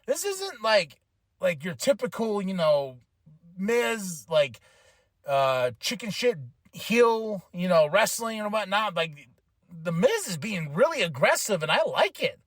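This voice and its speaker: A man hosting his own podcast, recapping a wrestling show in a casual, rambling, animated way with lots of asides. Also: sits high, takes it slowly, no room sound. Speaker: podcast host.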